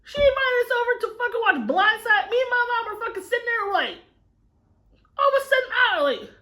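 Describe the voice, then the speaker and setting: A young adult woman co-hosting a food chat, telling stories in a loud, profane, animated way. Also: very high voice, a little fast. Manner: animated, profane storytelling with heavy swearing. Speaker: mukbang co-host, daughter. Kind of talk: casual chat.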